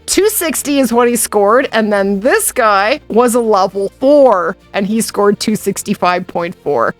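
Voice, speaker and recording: A woman gaming YouTuber touring her hunting game trophies, chatty and excitable, laughing often over rare finds. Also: medium pitch. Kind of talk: trophy tour commentary with clips of past live streams.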